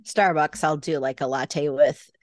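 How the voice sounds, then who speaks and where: A woman guest in casual chat, telling relaxed stories with light laughs. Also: sits low, a little slow, no echo, studio quality.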